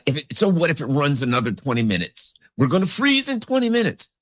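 A husky-voiced man riffing through a casual commentary, his pitch leaping high and dropping low as he rambles. His voice sits low and close in a dry, dead space. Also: fairly quick, hardly any pauses, no echo. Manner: rambling, animated, swoops into big pitch jumps; acts out characters in anecdotes.

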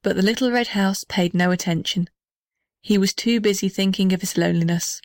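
A woman's voice: medium pitch, a little fast, no echo, studio quality. Woman reading a children's story. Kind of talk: scripted narration.

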